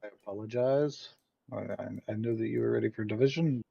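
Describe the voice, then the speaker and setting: A man playing a tabletop game who talks haltingly, restarting his sentences, over a dull lo-fi mic. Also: medium pitch, creaky, warm tone, breathy edge, no room sound. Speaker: player.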